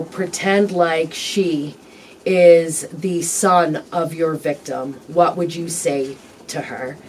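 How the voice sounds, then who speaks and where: Halting, reflective woman telling her story. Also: low voice, darkish tone, recorded from a distance, a little hiss or hum. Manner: halting, reflective, frequent ums. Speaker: interview guest. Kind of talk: candid personal storytelling.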